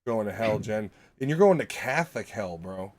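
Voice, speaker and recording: A man's voice: on the low side, animated, moderate pace. A man in his thirties hosting a podcast, joking and swearing his way through a casual chat with friends. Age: 30s. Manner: joking, profane, riffing. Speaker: podcast host. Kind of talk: casual crude banter.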